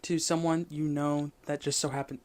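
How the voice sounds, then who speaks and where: A man's voice: fairly high pitch, level tone, normal speed, darkish tone. A young man from the Midwest, co-hosting a casual podcast chat, agreeing often and trailing off mid-sentence. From American Midwest. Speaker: podcast co-host.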